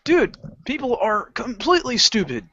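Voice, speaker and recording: A man on a podcast telling a work story in casual chat, animated, swearing often and acting out his customers. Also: extremely high pitch, normal speed. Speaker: podcast co-host. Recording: dull lo-fi home recording.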